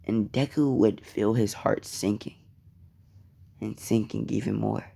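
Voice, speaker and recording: A man's voice: on the low side, steady tone, a little slow, vocal fry, mellow, slightly rough. A man telling a story casually, rambling, cursing and interrupting himself. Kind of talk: casual fan-fiction storytelling.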